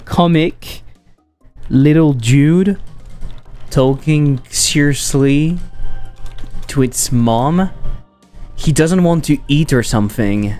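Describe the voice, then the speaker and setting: A man's voice: mid-range voice, darkish tone. A man chatting casually on a live stream while coding, rambling, swearing and breaking off mid-sentence. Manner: rambling, swearing, self-interrupting. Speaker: streamer and game developer.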